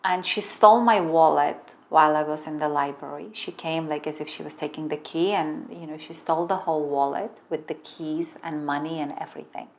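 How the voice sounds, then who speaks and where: A woman's voice: low voice, steady tone, brisk, creaky, hardly any pauses, a little hiss or hum. A middle-aged woman, not a native English speaker, telling a dramatic personal story as a relationship coach and swearing freely. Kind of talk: storytelling talk.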